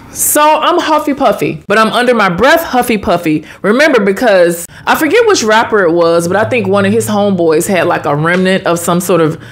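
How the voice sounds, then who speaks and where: A woman from the United States telling a personal story in a casual storytime vlog, slangy and animated, with sudden high exclamations. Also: a little fast, hardly any pauses.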